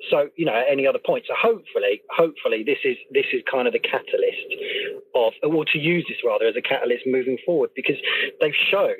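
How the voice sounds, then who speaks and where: A man's voice: on the high side, slightly rough, low-quality recording. A man calling in to a fan show, talking enthusiastically and rambling with restarts. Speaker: caller. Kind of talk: casual chat.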